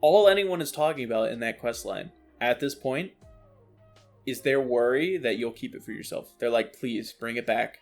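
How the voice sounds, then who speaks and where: A man ranting about a video game, animated, exasperated and full of swearing. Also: mid-range voice, normal speed. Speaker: streamer. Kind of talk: ranting gameplay commentary. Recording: faint lo-fi music underneath.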